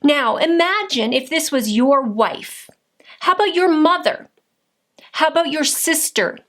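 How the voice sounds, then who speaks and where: A woman's voice: high-pitched, expressive, measured pace, fairly bright tone. A woman delivering an angry political rant to camera, indignant and combative, firing rhetorical questions. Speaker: political vlogger.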